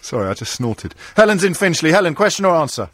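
A man's voice: a little high, very animated, fast talker, a bit bright. A man hosting a radio phone-in, bantering with callers in a teasing, playful way on a studio microphone. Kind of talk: quick-witted phone-in banter.

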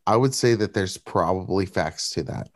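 A man's voice: deep voice, animated, moderate pace, no echo, studio quality. A man on a political talk podcast, talking in an outraged way and stumbling over his words.

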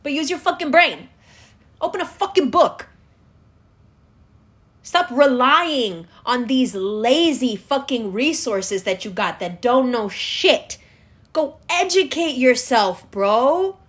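Brief: a woman with a high voice who speaks deliberately, profane and scornful in a political rant to camera. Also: expressive, breathy edge. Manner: profane, scornful, lecturing the viewer directly. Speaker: political commentator.

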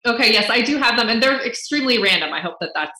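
A woman author as a guest in a casual interview, upbeat and quick to giggle. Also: a little high, expressive, bright, forceful tone, echoey room, rough recording.

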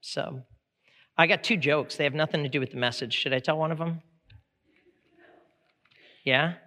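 A middle-aged male pastor with a bright, slightly high voice, talking casually to his congregation and then pressing into fervent appeals. His words ring out with a long echo through a church sanctuary. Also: fairly even intonation, normal speed. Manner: conversational, rising to fervent exhortation. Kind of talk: sermon. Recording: long church hall reverb.

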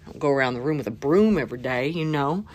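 A middle-aged woman rambles through her faith vlog, playful and easily sidetracked. Her pitch jumps around a lot, and she sometimes drops to a whisper. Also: lively intonation, quick pace, noisy background. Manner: scattered and playful, slipping into silly voices and whispers. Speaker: vlogger.

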